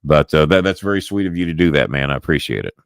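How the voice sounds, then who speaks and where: An older man with a Southern accent hosts a live podcast, his voice sitting very low. He rambles, restarts words and chuckles often. The sound is dry, with no room echo. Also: lively intonation, fast, creaky. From Louisville, Kentucky. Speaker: podcast host. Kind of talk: casual live-stream chat.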